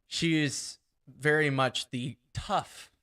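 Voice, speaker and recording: A man's voice: a little high, slow pace. A young man co-hosting a podcast, telling work stories in casual chat and acting out the quotes with lots of laughter. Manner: animated storyteller acting out quotes, laughing often. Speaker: podcast co-host.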